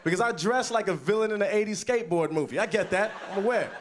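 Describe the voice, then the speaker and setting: Young guy doing standup, high voice, animated storytelling, faint stage noise. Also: fast talker. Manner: animated storytelling, bursts into loud yelled impressions. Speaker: stand-up comedian. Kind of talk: stand-up set. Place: comedy festival stage.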